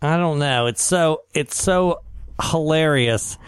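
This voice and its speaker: A man co-hosting a radio show, telling a funny story in an animated way and laughing as he talks. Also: on the high side, takes it slowly, clean tone, no echo. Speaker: radio co-host. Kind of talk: casual radio chat.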